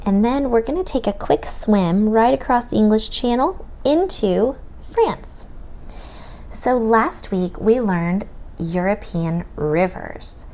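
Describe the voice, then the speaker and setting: An American woman tutoring children through a map lesson, in a slow sing-song manner that sometimes drops to a whisper. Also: mid-range voice, lively intonation, a little mellow. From United States. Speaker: homeschool tutor teaching children.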